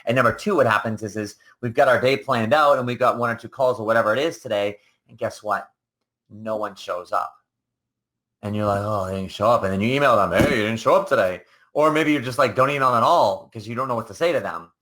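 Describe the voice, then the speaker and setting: A man's voice: medium pitch, fairly quick, pushed and bright. A man hosting a solo coaching podcast, talking casually and rambling, often acting out the people he quotes. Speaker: business coach and podcast host.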